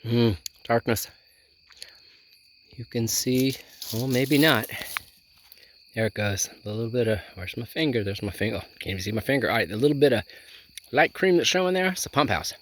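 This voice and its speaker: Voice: medium pitch, lively intonation, moderate pace, pauses often. A gardening vlogger chatting to camera outdoors in a garden and hoop tunnel, thinking aloud with many ums, filmed on a handheld phone. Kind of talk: casual chat to camera while working.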